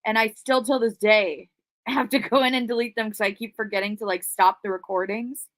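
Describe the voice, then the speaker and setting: A woman co-hosting a true crime chat, relaxed and rambling, laughing along. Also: fairly high pitch, a little fast, no room sound. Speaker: co-host. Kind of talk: casual chat.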